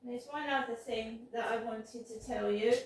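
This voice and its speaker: A woman with a fairly high, fairly evenly intoned voice speaks at normal speed, telling a meandering personal story in a casual home vlog with lots of repeated words and restarted sentences. The spoken-diary recording is roomy and distant.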